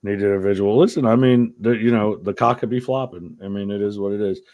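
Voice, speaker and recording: A man's voice: on the low side, fairly even intonation, a little fast, dull audio. A man from New York hosting a podcast, talking in a crude, rambling, profane way. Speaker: podcast host. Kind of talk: casual chat.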